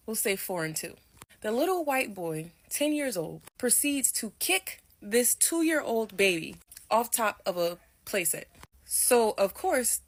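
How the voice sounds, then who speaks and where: A woman telling a story in a blunt, emphatic, slangy way. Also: mid-range voice. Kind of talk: casual storytime commentary.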